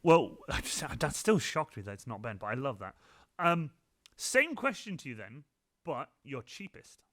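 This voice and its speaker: Very deep-voiced, bubbly woman host. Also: big pitch swings, moderate pace. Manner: enthusiastic, repeats praise, laughs often. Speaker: livestream host. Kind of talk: casual interview chat.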